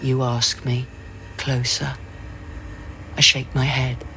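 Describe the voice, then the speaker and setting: A woman's voice: rumbling low, flat delivery, slow pace, pushed and bright, slight background noise, heavily acted. A woman actor delivering a scripted first-person dramatic monologue in an intimate, brooding way.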